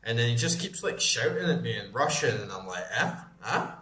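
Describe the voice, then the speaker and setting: A man's voice: medium pitch, expressive, a little fast, bright, forceful tone, soft background music. Rambling man with a roomy echo. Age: 40s. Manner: rambling, swears a lot, filler-heavy. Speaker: gaming YouTuber. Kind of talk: casual storytelling.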